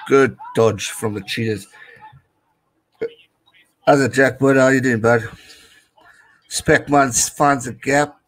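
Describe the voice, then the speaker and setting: A man's voice: fairly low pitch, rough recording. Chatty South African man streaming rugby. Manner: chatty, mixes English with Afrikaans phrases. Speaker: live stream host giving rugby commentary. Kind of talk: casual live-stream commentary, reading viewer chat.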